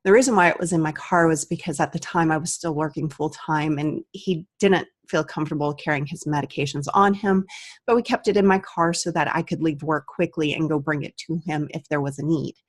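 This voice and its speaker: A woman's voice: low voice, fairly even intonation, brisk. A woman in her thirties, an aromatherapist, earnestly telling a personal story to the camera. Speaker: aromatherapist and vlogger.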